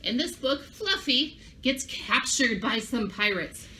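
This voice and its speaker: A woman's voice: a little high, expressive, slow pace, bright, forceful tone, slight background noise. A woman librarian giving a children's craft and story lesson, upbeat and speaking directly to young kids.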